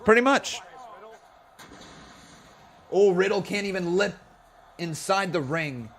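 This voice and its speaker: A man hosting a live wrestling watch-along stream, talking in a jokey, excitable, self-mocking way from a home setup. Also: high-pitched, a little slow, vocal fry, slight background noise. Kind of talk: live-stream reaction commentary.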